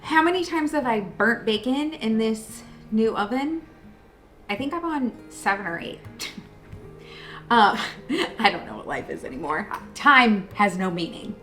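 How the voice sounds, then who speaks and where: A woman's voice: a little high, expressive, a little slow, sharp tone, soft background music, rough recording. A woman hosting a casual cooking demonstration in a home kitchen, chatty and self-deprecating with joking asides. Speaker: cooking show host.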